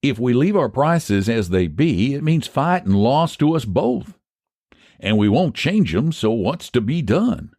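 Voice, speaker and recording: A man's voice: mid-range voice, sing-song, measured pace, darkish tone, dry recording, clean studio sound. A man voicing a sly, scheming older rural pie seller with a rural American dialect and a folksy drawl. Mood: persuasive. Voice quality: folksy drawl, old-fashioned country grammar.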